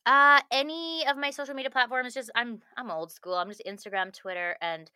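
Bright-voiced woman telling lively stories. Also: fairly high pitch, a little fast, smooth, no room sound, studio quality. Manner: animated storyteller, laughs often, acts out quotes. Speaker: actress, podcast guest. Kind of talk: casual interview chat.

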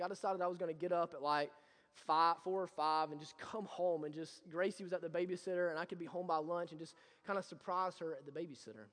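A young male pastor preaching in a church sanctuary, his voice sitting high for a man. He shifts from hushed, intimate storytelling to loud, fervent exhortation. A long reverb trails each phrase through the large hall. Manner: swings from quiet storytelling to loud impassioned preaching. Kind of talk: sermon.

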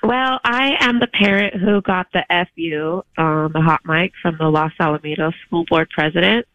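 Gravelly woman caller on a muffled line. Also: lowish voice, moderate pace, fairly bright tone, dry recording. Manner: earnest, insistent. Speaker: radio caller, parent. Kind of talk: call-in on talk radio.

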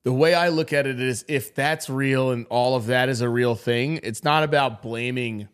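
A man's voice: mid-range voice, moderate pace, clean tone. A man co-hosting a podcast in casual chat, telling a rambling story full of swearing and imitated voices. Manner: rambling storyteller, swears a lot, mimics people. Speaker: podcast co-host.

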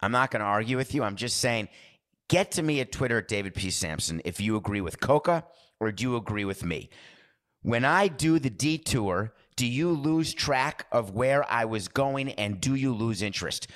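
A man's voice: medium pitch, expressive, moderate pace, a bit bright. A man hosting a sports talk show in a casual, rambling monologue, drifting into digressions and asking rhetorical questions. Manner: chatty, asks rhetorical questions. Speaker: sports podcast host.

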